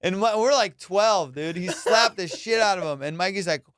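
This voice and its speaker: A young comedian and podcast host tells a profane childhood story casually and with animation, acting out the people's voices in loud, high jumps. He speaks at normal speed in a dry, studio-quality recording.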